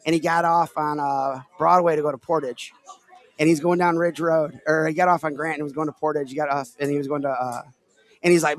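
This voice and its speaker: A man's voice: fairly high pitch, steady tone, quick pace. A man from Illinois hosting a casual podcast, talking in a rambling, filler-heavy way. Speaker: podcast host. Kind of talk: casual chat.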